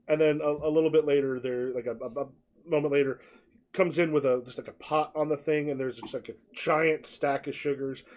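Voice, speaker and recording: A man is the game master of a tabletop role-playing game and narrates the scene in a loose, hesitant way. His voice sits a little high for a man. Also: steady tone, brisk, a little mellow.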